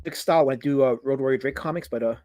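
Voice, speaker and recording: A man's voice: mid-range voice, racing, a little mellow. A man hosting a live drawing stream, chatting casually and slipping into mock-offended, theatrical complaints. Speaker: livestream host.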